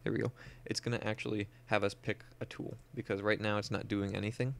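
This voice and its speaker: A young man walks through photo editing software in a relaxed tutorial. His voice sits fairly low and has a gravelly fry. He explains each step plainly and fills his pauses with "uh" and "um". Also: a little hiss or hum. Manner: casual, many "uh" and "um", explains step by step. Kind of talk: screen-recorded software tutorial.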